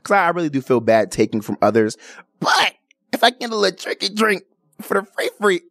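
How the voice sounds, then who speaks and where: A man, a radio host, chatting animatedly and giving shout-outs to friends and listeners. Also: high-pitched, very animated, a little fast, no room sound, studio quality. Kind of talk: casual chat.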